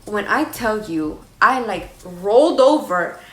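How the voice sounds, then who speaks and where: A young woman, casually telling a personal story to camera in an animated, slangy way. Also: mid-range voice, slow, reverberant, rough recording. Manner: animated, swears freely, slangy. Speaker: vlogger.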